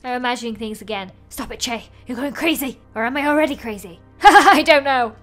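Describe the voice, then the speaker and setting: A woman's voice: a little high, fast, soft background music, lightly acted. A woman voicing a frantic trapped prisoner. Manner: frantic, rambling.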